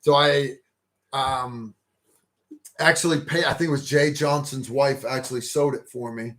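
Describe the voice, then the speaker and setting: A man's voice: mid-range voice, steady tone, a little slow, a bit bright. Joking self-deprecating male livestream host. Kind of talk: casual livestream chat.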